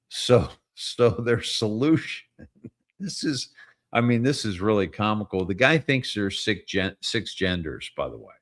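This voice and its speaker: A man's voice: lowish voice, sing-song, takes it slowly, fairly bright tone. A man hosting his own show in casual political commentary, rambling, blunt and profane, breaking into chuckles often. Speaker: host.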